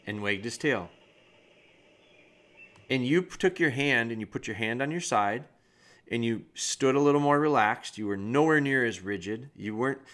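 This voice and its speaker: A man's voice: mid-range voice, fairly bright tone. A man hosting a dog training podcast, reviewing a trainee's video and talking directly to him with frank critique.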